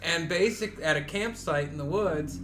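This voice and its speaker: A man co-hosting a casual podcast, telling stories in a relaxed, rambling way. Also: fairly high pitch, moderate pace, echoey room, noisy background. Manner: rambling, relaxed storyteller with fillers. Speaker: podcast co-host. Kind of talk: casual chat among friends.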